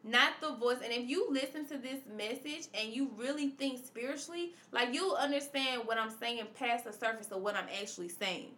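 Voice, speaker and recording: A woman's voice: fairly high pitch, moderate pace, hardly any pauses, sharp tone, echoey room. A woman hosting a confessional podcast, speaking emphatically and repeating her points in a preacherly way. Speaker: podcast host. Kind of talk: personal confessional podcast monologue.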